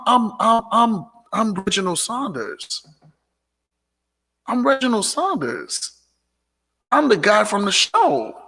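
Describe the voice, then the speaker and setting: Gravelly, emphatic man preaching self-respect. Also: sits high, pushed and bright. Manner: preachy and emphatic, repeats lines for punch, sassy asides. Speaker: host of a live motivational talk show. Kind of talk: live motivational monologue.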